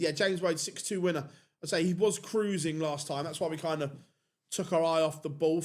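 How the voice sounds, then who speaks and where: A man giving casual live commentary on a darts tournament, chatting and answering viewer questions. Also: on the high side.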